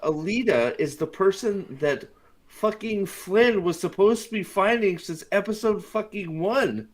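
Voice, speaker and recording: A man's voice: sits high, measured pace. A man hosting a casual watch-party chat, ranting and mocking the show with lots of swearing. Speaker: host.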